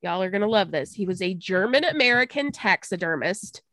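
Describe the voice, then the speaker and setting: A woman's voice: medium pitch, a little fast, dry recording. Dry-voiced woman telling a story. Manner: animated storytelling, laughs and stumbles over names. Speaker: podcast co-host. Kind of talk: casual history storytelling chat.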